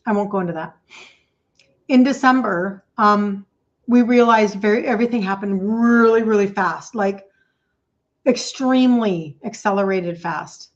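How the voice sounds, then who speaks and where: A woman's voice: mid-range voice, a little slow, muffled recording. Middle-aged woman coaching emphatically. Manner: emphatic and repetitive, addresses viewers by name. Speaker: health coach host. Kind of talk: emotional livestream talk.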